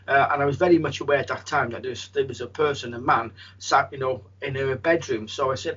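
A medium with a husky voice, telling a story in a rambling way, with many restarts. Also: male voice, mid-range voice, fairly even intonation, fast, few pauses, a bit bright, muffled recording. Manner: rambling, frequent restarts and fillers. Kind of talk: storytelling in an interview.

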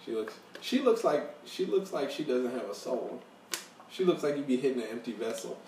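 A man chatting loosely on a podcast, his pitch swinging widely as he teases and acts out what others might say. He sounds a little far from the mic, in a roomy space with light hiss behind him. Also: moderate pace. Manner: animated, teasing, mimics other people in a raised voice. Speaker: podcast co-host. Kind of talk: casual podcast banter. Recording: roomy echo, a bit distant, faint hiss.

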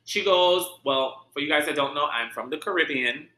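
A man from Saint Vincent, with a light Vincentian accent, chats through a casual solo podcast. His voice is bright and lively, and he tells stories with expressive energy. The sound has a roomy echo. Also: on the high side, normal speed. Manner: animated storytelling, frequent laughter and swearing. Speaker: podcast host.

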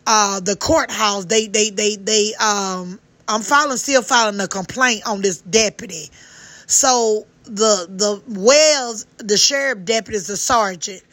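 An older woman from Georgia, telling a heated first-person story loudly, with lots of swearing and restarts. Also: mid-range voice, no room sound. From Georgia, United States. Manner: loud, heated, profane, many restarts. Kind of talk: angry first-person account.

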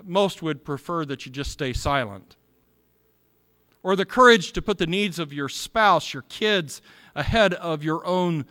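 A man delivers a sermon from the pulpit, earnest and rising into fervent appeals. His voice sits high and sounds bright and forceful. It rings out with a long reverb, as in a church sanctuary. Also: studio quality. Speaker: pastor.

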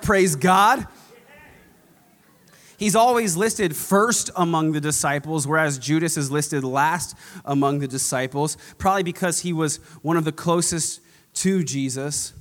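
A man's voice: on the high side, fairly bright tone. A man preaching a sermon in a casual, conversational way, repeating phrases for dramatic emphasis. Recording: long hall reverb.

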